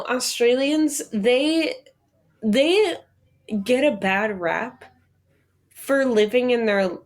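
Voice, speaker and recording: A young woman co-hosting a casual podcast chat, talking loosely, laughing often and acting out the people she quotes. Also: a little high. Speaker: podcast co-host.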